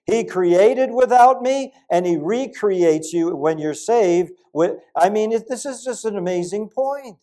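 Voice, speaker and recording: An older man preaching a sermon, telling stories in an animated way with sudden loud peaks and quiet asides. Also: sits high, measured pace, hardly any pauses.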